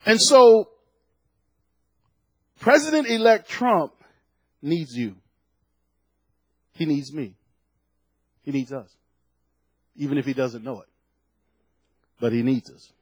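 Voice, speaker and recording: A male pastor preaching a sermon, swinging between loud bursts and hushed lines. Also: a little high, animated, slow, pauses often, husky, no echo.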